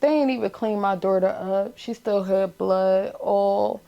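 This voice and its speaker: Grieving Philadelphia mother, halting speech. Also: medium pitch, vocal fry, dull audio. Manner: halting, emotional retelling with many restarts. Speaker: bereaved mother. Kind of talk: documentary interview testimony.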